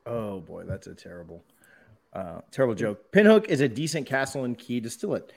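A man's voice: medium pitch, animated, fairly quick, vocal fry. A man hosting a casual whiskey podcast, upbeat and playful as he steers the talk. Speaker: podcast host. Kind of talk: casual chat, whiskey tasting.

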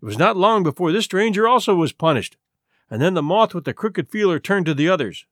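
Lively male storybook narrator. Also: high-pitched, fairly quick, no echo, clean studio sound. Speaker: podcast host and narrator.

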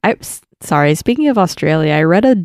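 A woman's voice: low-pitched, lively intonation, fast, clean tone, dry recording, studio quality. A woman co-hosting a casual podcast chat, telling anecdotes with frequent laughter. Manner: chatty, laughing storyteller.

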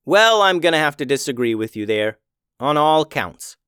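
A man's voice: fairly high pitch, big pitch swings, normal speed, pushed and bright, clear, resonant tone, no room sound, studio quality. A man playing a smug, scheming male evil wizard who speaks sarcastically.

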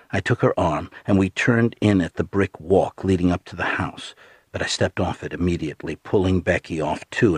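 A man reading a first-person novel aloud in a measured, hushed storytelling manner. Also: low-pitched, slightly rough, dry recording, clean studio sound. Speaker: audiobook narrator. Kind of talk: first-person audiobook narration.

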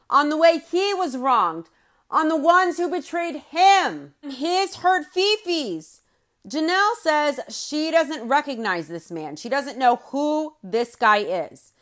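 Opinionated woman with a higher voice. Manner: opinionated and indignant, with sharp swings in loudness and pace. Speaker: podcast host. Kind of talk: reality show recap commentary.

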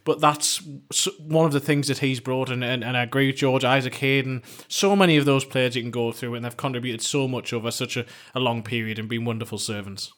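A man's voice: medium pitch, steady tone, a little fast, few pauses, a bit bright. A man, a football journalist, chatting on a podcast, often restarting and repeating words as he thinks. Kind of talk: casual football podcast chat.

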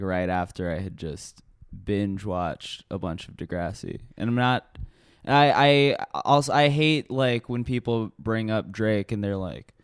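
A man's voice: mid-range voice, smooth. A man co-hosting a casual chat, rambling and laughing as he retells scenes. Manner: rambling, laughing, quick retellings with put-on quotes.

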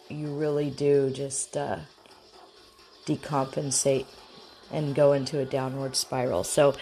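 A woman talking straight to the listener, explaining things in a conversational, advising way. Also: low voice. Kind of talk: advice talk to the viewer.

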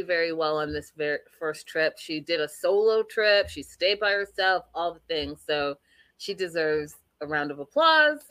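A woman's voice: lowish voice, pushed and bright, no room sound. Teasing woman host with a dry, close sound. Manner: teasing, chatty. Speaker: podcast host. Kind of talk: casual reality TV recap chat.

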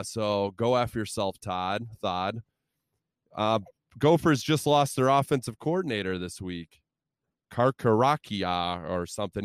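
Male sports podcast co-host, smooth clear voice, joking and crude, dry close sound. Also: medium pitch, dry recording. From Minnesota. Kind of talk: casual sports chat. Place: moving minivan.

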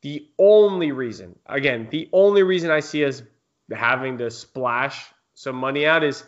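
A man's voice: mid-range voice, moderate pace. Casual male podcast host, lo-fi sound. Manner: conversational, reads listener questions. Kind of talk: casual sports podcast chat.

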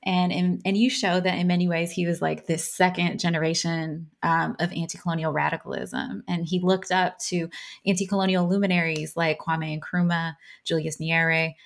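A woman interviewer asking long, thoughtful questions, pausing often with ums. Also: fairly low pitch, vocal fry. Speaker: interviewer host.

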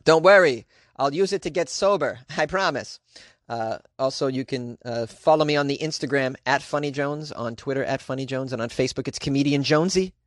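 A man hosting a solo podcast from a small closet, rambling and self-mocking, overly caffeinated, with sudden jumps in pitch. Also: fairly quick, dry recording, clean studio sound. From Boston area. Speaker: podcast host.

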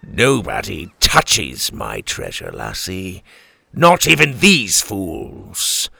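A man's voice: medium pitch, huge pitch swings, slow pace, vocal fry, fairly bright tone, dry recording, heavily acted. A man doing a sneering swaggering captain. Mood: smug. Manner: sneering, playful, boastful. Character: cocky swaggering male pirate captain.

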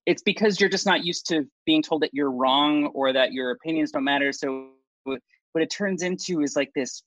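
A man's voice: fairly high pitch, normal speed, fairly bright tone, no room sound. A man hosting a podcast in casual chat, blunt and opinionated, and he swears freely. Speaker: podcast host. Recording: dull, dry lo-fi sound.

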